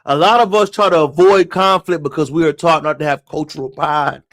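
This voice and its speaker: A man's voice: on the high side, steady tone, fairly quick, fairly bright tone. A man giving impassioned live-stream commentary, emphatic and preachy, who keeps calling his viewers y'all. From moved to Texas from elsewhere.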